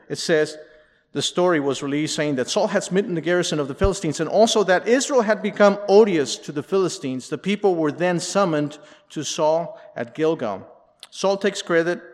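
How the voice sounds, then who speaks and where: A male pastor preaching a sermon, reading scripture aloud expressively and adding asides. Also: a little high. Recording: long reverb in a large hall.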